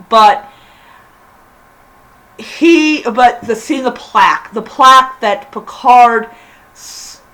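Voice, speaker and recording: A woman giving a casual spoken episode review, gushing and excitable, with frequent halting restarts. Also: on the high side, low-quality recording.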